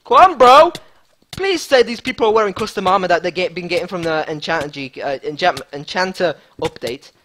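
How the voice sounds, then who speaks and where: A man giving excitable live gameplay commentary as a gaming YouTuber, hyped and repeating himself. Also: high voice, brisk, slight background noise.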